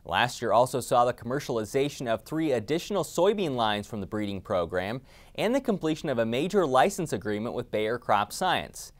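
A man hosting a farm show, reading a smooth intro and asking interview questions. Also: mid-range voice, sing-song, brisk. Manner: reads the intro smoothly, asks questions with fillers. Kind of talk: scripted narration and interview questions.

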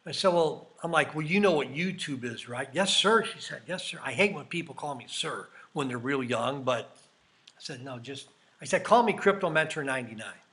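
A man's voice: mid-range voice, expressive, normal speed, a bit bright. A man telling casual, rambling anecdotes to his viewers, quoting his own conversations as he goes. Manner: chatty, rambling anecdotes with quoted dialogue. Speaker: crypto YouTuber. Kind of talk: casual storytelling vlog.

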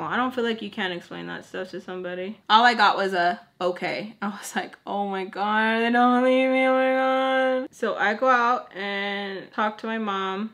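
A young woman does a casual storytime vlog while putting on makeup, recounting something personal. She's animated, acting out what people said with big leaps in pitch.

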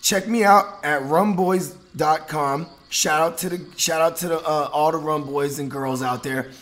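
A man's voice: fairly high pitch, unhurried, a bit bright. A man from San Jose co-hosting a podcast, chatting loosely and jokingly, peppering his talk with "you know what I mean". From east side San Jose, US. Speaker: podcast co-host. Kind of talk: casual podcast banter.

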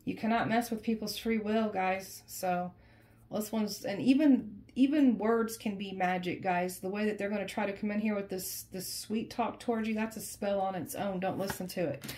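A woman's voice: medium pitch, steady tone, normal speed, darkish tone. Emphatic woman giving a casual tarot reading. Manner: conversational, emphatic, repeats phrases, addresses viewers as guys. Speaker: tarot reader.

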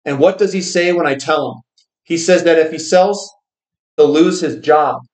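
A man's voice: a little high, normal speed, darkish tone, close to an everyday voice. A man reading as a pushy, impatient stock tipster. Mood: exasperated. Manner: insistent, exasperated. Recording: roomy echo.

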